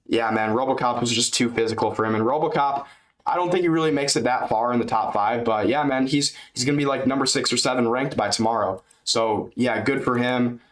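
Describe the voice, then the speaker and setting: A man's voice: medium pitch, a little fast, a bit bright. A man giving a loose, chatty fight recap on his channel, swearing and dropping man and dude, speaking into a webcam. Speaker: MMA YouTuber.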